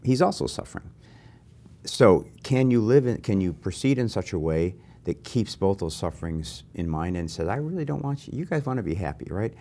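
Host: older man with a very low voice, animated and anecdotal, pokes fun at himself. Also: fairly quick. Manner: animated, anecdotal, self-deprecating. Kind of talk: conversational interview.

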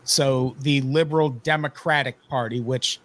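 A man hosting a casual comedy podcast, reading news with wry, deadpan asides. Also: mid-range voice, moderate pace. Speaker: podcast host.

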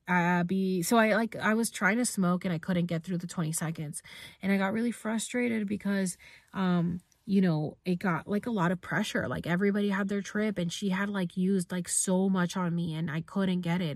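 A woman with a lowish voice tells a personal story in loose, candid vlog talk, full of restarts and fillers. She swears emphatically now and then. The sound is close and dry. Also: no room sound. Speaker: vlogger.

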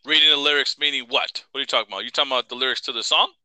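Guy hosting a chill podcast, super bright clear voice, dry sound. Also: mid-range voice, steady tone, very fast, dry recording, poor audio. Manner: upbeat, reads intro lines with a laugh. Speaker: podcast host. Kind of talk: casual podcast chat.

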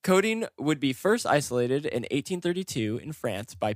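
A man's voice: mid-range voice, sing-song, normal speed, no room sound, clean studio sound. A man co-hosting a casual podcast, reading history notes loosely and laughing often. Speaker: podcast co-host.

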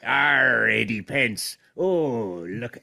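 Man putting on a gravelly, bright-edged pirate sailor, boastful, slow and swooping. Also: mid-range voice, lively intonation, voice pushed up, exaggerated voice. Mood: piratey.

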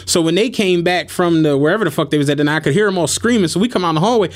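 Young guy cohosting a podcast, high voice, does all the voices in his stories, keeps cracking up. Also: racing. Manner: animated, acts out quotes, laughs often. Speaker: podcast co-host. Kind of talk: casual storytelling chat.

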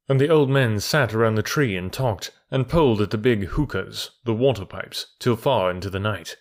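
A man reading a classic storybook aloud in a calm, measured way. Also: on the low side. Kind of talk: storybook narration.

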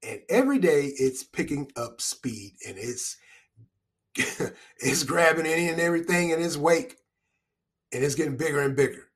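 A man's voice: fairly high pitch, expressive, normal speed, slightly rough. A man giving solo spoken commentary in a conversational, rambling way, with restarts and wry chuckles.

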